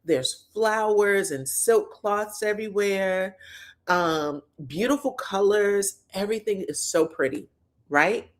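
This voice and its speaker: A woman hosting a casual recap show, telling the story in a blunt, slangy and chatty way. She swears freely and talks to the viewer as a friend. Her voice sits at an ordinary middle pitch for a woman. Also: slow. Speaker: pop culture commentator.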